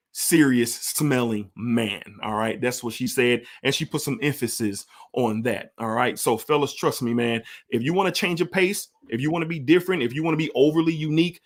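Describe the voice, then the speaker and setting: A man giving a casual fragrance review, enthusiastic and emphatic, repeating his points for effect. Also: on the high side.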